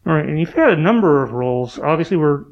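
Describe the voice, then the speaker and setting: Man, fan site interviewer, higher pitch, muffled lo-fi sound, measured. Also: expressive. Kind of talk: panel interview questions. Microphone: speaking through a face mask.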